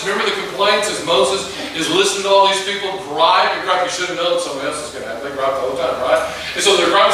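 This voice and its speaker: A man's voice: sits high, quick pace, few pauses, bright, forceful tone. A Texan man preaching a sermon in a church, talking to the congregation and calling out questions for them to answer. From West Texas. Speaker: pastor. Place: church sanctuary. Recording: echoey sanctuary, mic at a distance, audible room noise.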